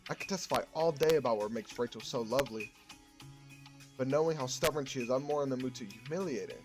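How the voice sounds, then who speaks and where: Man playing whiny eager young guy, pleading, quick, game music behind. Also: medium pitch, natural voice.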